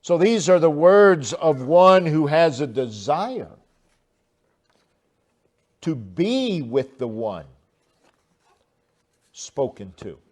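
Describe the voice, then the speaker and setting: A man preaching a sermon, slow and deliberate, with long pauses and swelling emphasis. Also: on the high side, sing-song. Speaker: pastor.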